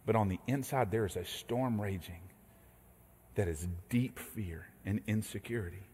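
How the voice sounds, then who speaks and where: A man preaching a sermon as a pastor, telling stories with animated energy and acting out voices. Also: fairly low pitch, moderate pace, husky. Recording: echoey hall reverb.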